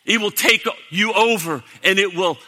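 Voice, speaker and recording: A man preaching a sermon to a congregation, dramatic, swinging from loud to hushed. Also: high voice, normal speed. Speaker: pastor. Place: church sanctuary. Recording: long hall reverb.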